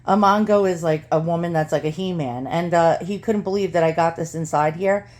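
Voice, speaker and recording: A woman's voice: on the low side, a little fast, darkish tone. A woman vlogging in her home kitchen, out of breath and chatty, laughing often as she talks to the camera. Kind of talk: casual chat to camera.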